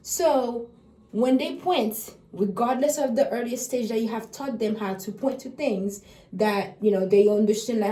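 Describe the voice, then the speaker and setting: A woman giving a casual explanatory talk on early intervention, chatty and lively, acting out how parents and children talk to each other. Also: a little high, moderate pace, roomy sound. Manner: chatty, acts out parent and child exchanges, laughs often.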